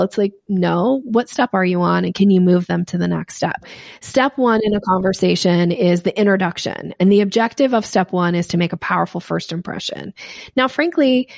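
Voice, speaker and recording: An animated middle-aged woman coaching on sales in an interview, her voice carrying a gravelly fry. She often acts out the people she quotes. The sound is close and dry, with no room around it. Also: on the low side, no echo. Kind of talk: podcast interview answers.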